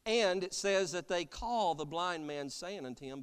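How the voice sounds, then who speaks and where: A man preaching an impassioned sermon as pastor, swinging from loud cries to soft, quiet lines. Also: a little high, normal speed, few pauses, clear, resonant tone. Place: church sanctuary. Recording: long church reverb.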